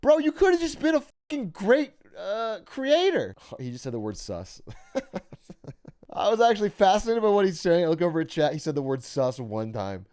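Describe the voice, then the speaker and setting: A man's voice: high-pitched, sing-song, moderate pace, a little mellow. A man streaming live, reacting to a video with casual, swearing, laughing comments.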